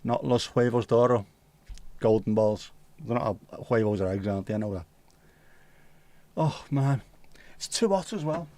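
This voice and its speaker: A man's voice: mid-range voice, moderate pace, pauses often, mellow, dry recording. A man with a Scouse accent hosting a livestream, chatting casually in a rambling, jokey, sweary way. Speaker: livestream host. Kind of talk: casual chat.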